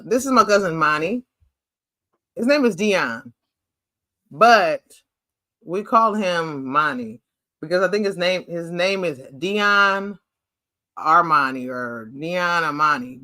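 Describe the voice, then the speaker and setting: Man, bright voice, dry close sound, chatty, rambling, playful host. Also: on the high side, no room sound. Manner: rambling, chatty, heavy use of "like"; animated and playful. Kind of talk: casual photo-slideshow chat.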